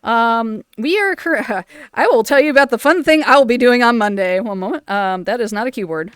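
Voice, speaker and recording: A woman's voice: on the high side, moderate pace, clear, resonant tone, dry recording. A woman hosting a charity livestream from home in a VR chat, talking casually and laughing often. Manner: giggly and chatty, laughs often. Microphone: VR headset mic.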